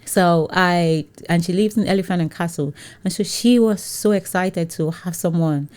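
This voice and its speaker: A woman from Nigeria, an entrepreneur guest, telling her story in a casual interview with lively laughter and acted-out quotes. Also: fairly low pitch, normal speed. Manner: lively, laughs often, acts out what others said.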